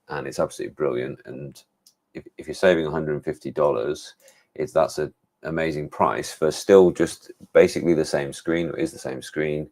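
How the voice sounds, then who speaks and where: With a very deep, gravelly and slightly mellow voice, this Englishman runs a laid-back tech gadget livestream. His talk wanders as he reasons out loud, full of fillers and false starts.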